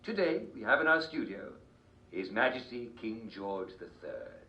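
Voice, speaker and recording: An actor playing a cheery, smooth TV host in a video game broadcast, with an upbeat announcer delivery. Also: male voice, mid-range voice, very animated, normal speed, bright, forceful tone, dull audio, a little hiss or hum. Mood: chipper. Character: cheery smooth male TV host of a dystopian show.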